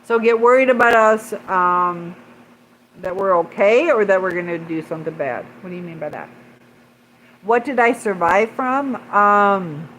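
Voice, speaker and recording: A woman hosts a casual livestream, rambling with lots of fillers and pausing to read and answer viewer comments. Her voice is lowish with a fairly bright tone, and the poor audio carries a little hiss or hum.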